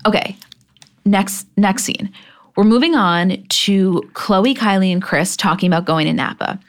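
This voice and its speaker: A woman's voice: medium pitch, a little slow. A young woman co-hosting a podcast, casually recapping reality TV scenes, swearing freely and quoting lines. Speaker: podcast co-host. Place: live podcast taping.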